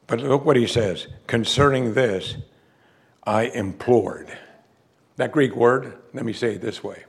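Male preacher, gravelly voice, emphatic, asks rhetorical questions, reads scripture in between. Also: medium pitch. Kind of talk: sermon.

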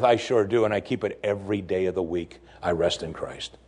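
A man preaching a sermon, lively and humorous, who drops his voice low and soft when quoting pleas. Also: a little fast, slightly rough. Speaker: pastor.

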